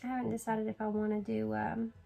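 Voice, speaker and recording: Sleepy chatty woman with a gravelly voice. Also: on the high side, flat delivery, brisk, mellow, soft background music, low-quality recording. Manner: chatty, yawning, apologetic, laughs often. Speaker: beauty vlogger. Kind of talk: casual makeup tutorial chat.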